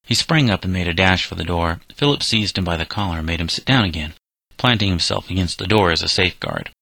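A man reading a novel chapter aloud as an audiobook narrator, in a measured storytelling delivery. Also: sits low, animated, vocal fry, bright, forceful tone, no room sound, low-quality recording. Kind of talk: scripted narration.

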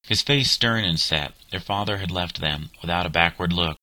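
A man reading a children's story aloud in a measured, even voice. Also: low-pitched, dry recording, low-quality recording. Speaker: narrator.

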